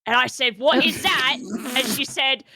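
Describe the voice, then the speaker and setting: A woman's voice: high voice, measured pace, creaky, noisy background. A woman voicing an ancient, forgetful female gnome who was once a pirate, rambling in a mock-pirate way. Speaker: player.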